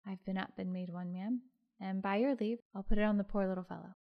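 A woman's voice: medium pitch, steady tone, a little fast, gravelly, muffled recording, lightly acted. A woman reading the part of a brusque, scolding older landlady in an audiobook. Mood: gruff kindness. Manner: scolding, bustling.

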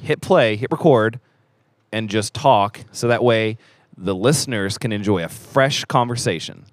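A young man hosting a church podcast, chatting casually with an energetic, playful manner. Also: lowish voice, measured pace, no room sound. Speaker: podcast host. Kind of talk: casual chat. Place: church theater.

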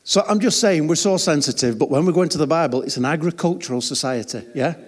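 Joking preacher in a reverberant hall. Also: male voice, a little high, fast talker. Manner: humorous, chatty storytelling with laughs. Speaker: pastor. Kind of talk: sermon.

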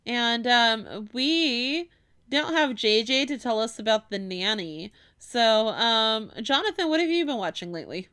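Bright-voiced woman host, a bit high, playful and teasing in casual banter. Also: expressive, smooth. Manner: playful, teasing, quick to laugh. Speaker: podcast host.

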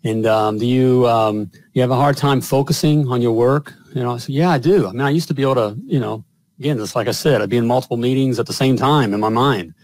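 A man's voice: medium pitch, fast, darkish tone, dry recording. A middle-aged man hosting a show, telling a personal story in a rambling way with lots of fillers and chuckles. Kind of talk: casual storytelling.

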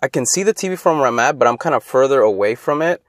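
Young guy from LA rambling through old stories on his podcast, restarts a lot, gets loud when he quotes people, dead dry close mic. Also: medium pitch, fast talker, dry recording. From Los Angeles. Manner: rambling, self-interrupting, animated when quoting people. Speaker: podcast host. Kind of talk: casual solo storytelling.

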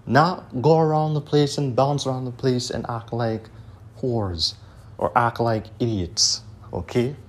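Blunt, ranting podcast host. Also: male voice, mid-range voice, slight background noise. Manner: blunt, ranting, heavy on "you know what I'm saying". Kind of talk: casual solo podcast talk. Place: Toronto.

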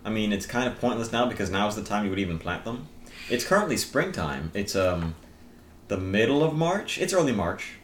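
A young man with a lowish voice trading dry, teasing banter and swearing casually. His voice rings around an echoey room, with a faint hiss in the background. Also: big pitch swings, fairly quick. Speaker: podcast co-host. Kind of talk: casual chat, crude banter. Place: home room.

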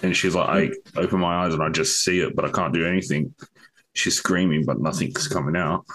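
A man's voice: low-pitched, fairly even intonation, fairly quick, fairly bright tone. A young man co-hosting a podcast, telling a long joke in casual, sweary storytelling. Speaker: podcast co-host.

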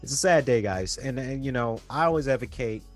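A young man giving earnest, repetitive relationship advice in a casual monologue, sometimes dropping to a soft, low voice to demonstrate calm talking. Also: brisk, soft background music.

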